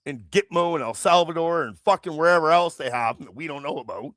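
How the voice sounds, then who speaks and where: A man's voice: fairly high pitch, expressive, fairly quick, a bit bright, no room sound, studio quality. A man from Canada hosting a political livestream, ranting angrily with heavy swearing and rambling restarts. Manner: angry, profane, rambling. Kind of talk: heated political rant.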